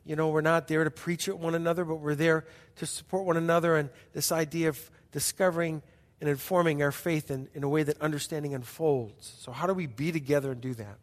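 A middle-aged male pastor preaching a sermon as a story, emphatic and repetitive, dropping to hushed passages between bursts. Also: fairly high pitch, fairly even intonation, fairly quick. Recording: long hall reverb.

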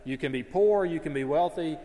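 A man's voice: fairly high pitch, fairly quick, warm tone, big-room sound. A man preaching a sermon in an earnest, conversational way, sometimes stopping to correct himself. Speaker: pastor.

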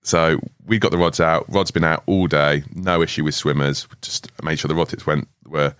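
A young man in his twenties with an extremely low, rumbling voice tells stories in a podcast studio. His delivery is relaxed and full of swearing, with laughs breaking through. The sound is close and dry, with no room echo. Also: normal speed, clear, resonant tone. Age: 20s. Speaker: podcast guest. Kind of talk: casual storytelling chat.

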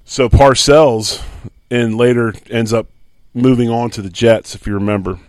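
A man's voice: mid-range voice, normal speed, dry recording. A middle-aged man from Philadelphia, a former football lineman, telling a story as a guest and acting out the dialogue. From Philadelphia, USA. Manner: animated storyteller who acts out quoted dialogue. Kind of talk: casual anecdotal storytelling.

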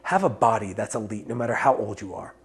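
A man's voice: lowish voice, quick pace, husky. A man in his thirties, a life coach, giving a casual, candid motivational talk to camera, swearing freely and turning emphatic.

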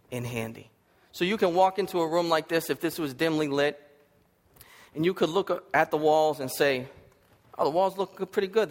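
A man preaching a sermon, telling a story with lively swings from loud to hushed, a little sniffly from allergies. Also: on the high side. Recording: long hall reverb.

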